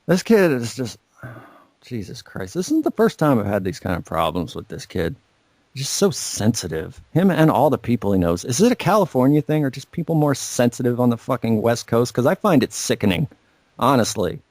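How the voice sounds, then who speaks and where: A man's voice: medium pitch, big pitch swings, normal speed, a little mellow, no room sound. A young man co-hosting a podcast, ranting and swearing constantly in a sarcastic, casual chat. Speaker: podcast co-host.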